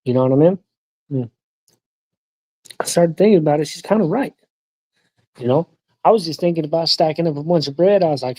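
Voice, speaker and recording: Slangy young man, dark dry voice. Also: on the high side, a little fast, pauses often, dry recording, poor audio. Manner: slangy, laughs often, swears freely. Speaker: streamer. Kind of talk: casual livestream chat. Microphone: streaming mic.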